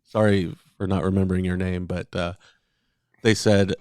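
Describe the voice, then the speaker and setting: A man's voice: deep voice, flat delivery, normal speed, darkish tone, no room sound, studio quality. A man co-hosting a podcast in casual chat, talking with fillers and restarts and sometimes reading passages aloud. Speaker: podcast co-host.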